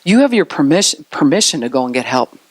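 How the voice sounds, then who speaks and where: Woman pastor, sermon, animated swooping delivery, lower voice, dry close sound. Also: quick pace, no room sound. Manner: conversational preaching, acting out quoted voices.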